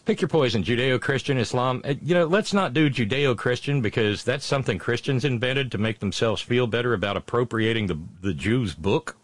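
Man, talk show host, reading listener messages, conversational, filler-heavy, blunt, sardonic, medium pitch, dry sound. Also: brisk, hardly any pauses, no echo. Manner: blunt and sardonic in his comments.

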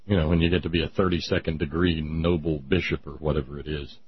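A man's voice: extremely low pitch, little pitch movement, fast, muffled recording, slight background noise. A man hosting a talk show, delivering a sarcastic, opinionated monologue. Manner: sarcastic, ranting, mocking voices.

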